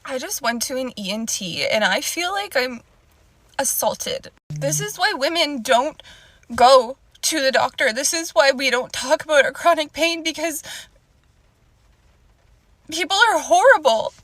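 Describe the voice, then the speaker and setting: A woman's voice: sits high, lively intonation, a little slow, a bit bright, no echo. A young woman telling an upsetting personal story in an earnest, emotional vlog rant.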